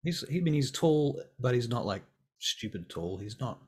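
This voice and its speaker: Husky dude narrating a tabletop game, easygoing, swears casually. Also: male voice, mid-range voice, very animated, moderate pace, a little mellow. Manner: loose, conversational, swears casually. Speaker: game master.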